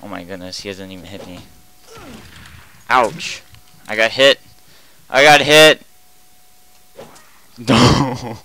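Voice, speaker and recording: Young man yelling over a game. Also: fairly low pitch, slight background noise, poor audio. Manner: jumps between quiet muttering and loud panicked yelling. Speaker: gaming commentator. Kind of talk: excited gameplay commentary.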